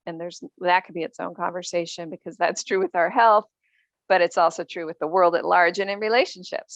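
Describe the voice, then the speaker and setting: Lower-voiced woman explaining earnestly. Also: no echo, highs cut off. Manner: explanatory, earnest, with frequent ums. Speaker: guest author. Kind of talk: podcast interview conversation.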